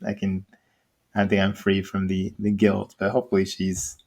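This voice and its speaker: A man telling a story in casual podcast chat, laughing often and acting out voices. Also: moderate pace. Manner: animated, laughing, acts out voices in high pitch. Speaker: podcast co-host.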